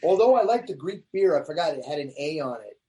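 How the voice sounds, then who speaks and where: A man's voice: on the high side, fast. A man, a comedian guest in an interview, telling stories in casual chat and acting out quotes. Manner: animated storyteller, acts out quotes.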